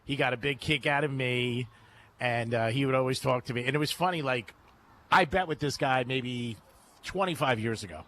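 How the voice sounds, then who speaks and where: A man's voice: medium pitch, normal speed, a bit bright. A male radio host broadcasting live from a cigar lounge, with a faint hum of the room behind him. He rambles loosely from one story to the next and laughs easily between lines. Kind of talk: casual radio chat.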